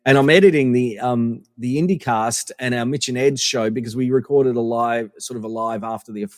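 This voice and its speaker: A middle-aged man from Australia, a podcast guest telling animated anecdotes with lots of fillers and restarts. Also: medium pitch, brisk, no room sound, clean studio sound, long reverb tail. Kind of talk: casual storytelling interview.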